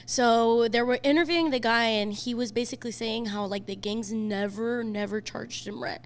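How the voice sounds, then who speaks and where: A woman's voice: fairly high pitch, steady tone, slight background noise. A young woman in her twenties, a podcast guest, chatting casually and telling stories with lots of fillers. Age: 20s. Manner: chatty, quick storytelling with many fillers. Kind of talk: casual chat.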